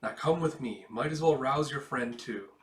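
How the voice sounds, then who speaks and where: A man's voice: medium pitch, moderate pace, roomy sound, recorded from a distance, lightly acted. A man reading the lines of a fierce female pirate commander in a dry, amused way.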